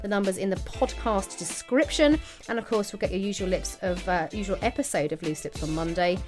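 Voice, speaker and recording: A woman's voice: mid-range voice, fairly quick, a little mellow, faint music behind. A woman co-hosting a podcast, chatty and self-deprecating. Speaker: podcast co-host. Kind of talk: casual podcast chat.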